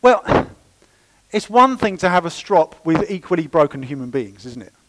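A man delivers a sermon in church with a fairly high voice. He preaches in a lively, chatty way and drops playful asides to the congregation. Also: normal speed, poor audio. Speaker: pastor.

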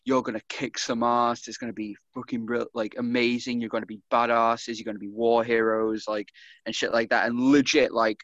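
A man's voice: mid-range voice, flat delivery, moderate pace, a bit bright, no room sound. A man on a podcast panel, talking animatedly in a casual chat and swearing freely. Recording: dull lo-fi recording.

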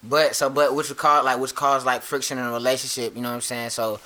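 A man co-hosting a podcast, telling a story in a rambling, halting way with many fillers. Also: mid-range voice, flat delivery, bright, forceful tone. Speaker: podcast co-host. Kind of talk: casual chat.

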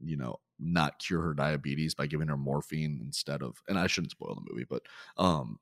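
A man's voice: extremely low pitch, moderate pace, vocal fry, no echo, studio quality. A man hosting a casual movie podcast, talking loosely with frequent laughs and swearing. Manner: loose, profane, laughs often. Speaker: podcast host.

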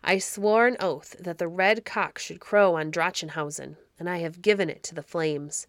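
A woman voicing a stern, harsh middle-aged male baron with a deep, unbending manner, in a storybook reading. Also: normal speed, dry recording, clean studio sound, lightly acted. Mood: grim.

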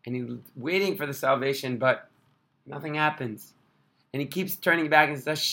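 A man telling an inspirational religious story in an animated, expressive way. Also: medium pitch, normal speed.

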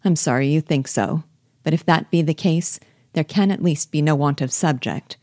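A proud, reserved gentleman, as a woman reads him, grave and cool in his replies. The voice is low and warm, the sound dry. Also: moderate pace, no echo.

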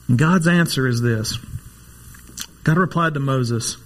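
A man's voice: medium pitch, measured pace, long pauses. A man preaching a casual sermon, a pastor who jokes and makes nerdy asides. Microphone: live stream.

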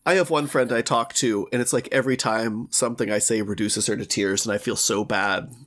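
A man's voice: lowish voice, fairly even intonation, fairly bright tone. A man hosting a podcast, chatting casually in an interview and often stopping to restart his sentences. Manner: self-deprecating, halting, with frequent restarts. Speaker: podcast host.

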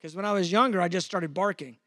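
A man's voice: sits high, fast, bright, forceful tone, no echo, clean studio sound. A man in his fifties, a pastor, teaching a sermon in a conversational, self-deprecating way, acting out the exchanges he quotes.

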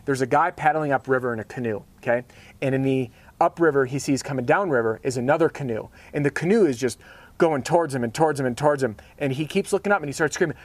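Energetic man giving a motivational pep talk. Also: mid-range voice, quick pace, no echo. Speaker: sales trainer and show host.

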